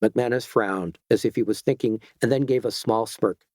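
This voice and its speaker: A man narrating an audiobook in a measured, even storytelling voice. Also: lowish voice, dry recording, clean studio sound. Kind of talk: scripted narration.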